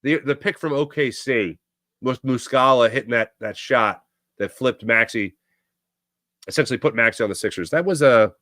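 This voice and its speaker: Brief: Philadelphia sports talk host, crisp bright tone, dry close sound, rambling off-the-cuff delivery. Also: male voice, medium pitch, normal speed, no room sound. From Philadelphia area, USA. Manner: rambling, self-correcting storyteller. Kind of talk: casual chat, answering live chat.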